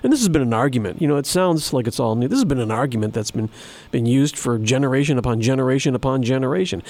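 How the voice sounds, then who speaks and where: A man's voice: medium pitch, animated, quick pace, a little mellow, no echo. A man preaching a sermon in an earnest, emphatic way, repeating phrases for stress. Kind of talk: sermon with scripture reading.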